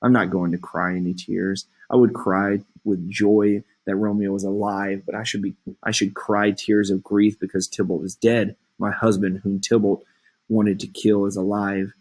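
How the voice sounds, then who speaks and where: A man reading aloud the lines of a lovestruck, torn young woman in a plain, unhurried voice. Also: fairly low pitch, little pitch movement, a little mellow, slightly rough. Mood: anguished.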